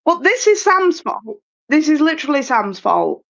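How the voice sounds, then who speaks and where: A woman guest chats on a podcast in a loose, rambling way. She fills her pauses with ums and pokes fun at herself. The recording sounds a little dull and lo-fi. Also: high-pitched, big pitch swings, creaky, a bit bright. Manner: chatty, self-deprecating, many ums. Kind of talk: casual podcast chat. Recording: slightly muffled lo-fi sound.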